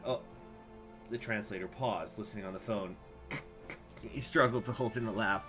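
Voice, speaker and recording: A man's voice: fairly low pitch, moderate pace, bright, forceful tone, soft background music. A man casually commenting on a strategy game as he plays, reading events aloud with laughing asides. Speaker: game streamer.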